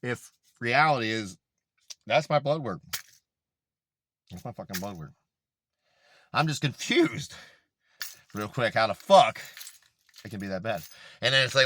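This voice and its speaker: Profane, rambling young man, bright voice. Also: medium pitch, lively intonation, moderate pace, pauses often, no echo. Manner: profane, rambling, emphatic, heavy filler words. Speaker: fitness vlogger. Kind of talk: casual monologue to camera.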